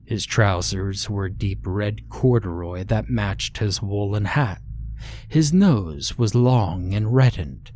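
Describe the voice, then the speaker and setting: Slow, deep-voiced male horror narrator. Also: lively intonation, a little mellow, a little hiss or hum. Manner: slow, measured storytelling.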